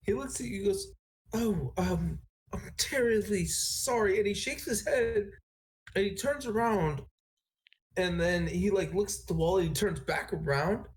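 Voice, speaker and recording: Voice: medium pitch, normal speed, a little hiss or hum. A game master narrating a tabletop game, rambling and correcting themselves.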